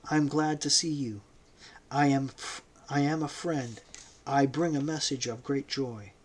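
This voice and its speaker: A man reading the lines of Jesus in an audiobook, speaking slowly in a tranquil, sad and earnest way. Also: mid-range voice, steady tone, natural voice. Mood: gentle. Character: Jesus, a calm, loving, sorrowful man.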